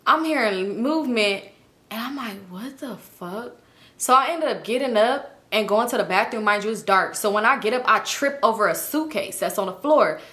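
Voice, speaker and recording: In her storytime vlog, a young woman speaks a little high and briskly, with few pauses. She tells her story with animated profanity, acting out what others said and nearly whispering her own inner thoughts.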